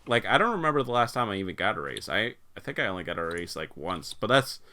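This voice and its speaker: A man's voice: fairly low pitch, sing-song, fast, sharp tone. A young man hosting a casual podcast, rambling and swearing as he vents about work and mimics his coworkers. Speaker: podcast host.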